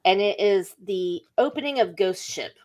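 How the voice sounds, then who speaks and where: A woman hosting a casual podcast chat, talking in a chatty way with quick asides. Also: medium pitch, expressive, over a noisy crowd. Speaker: podcast host.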